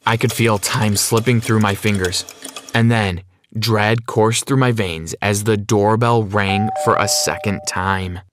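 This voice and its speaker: A man narrating a scripted first-person story in a steady, even reading. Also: on the low side, unhurried, a little hiss or hum.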